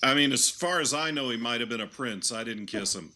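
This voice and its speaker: A man's voice: medium pitch, a little fast, bright, forceful tone. A man playing a tabletop game, bantering bluntly and sarcastically. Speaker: player.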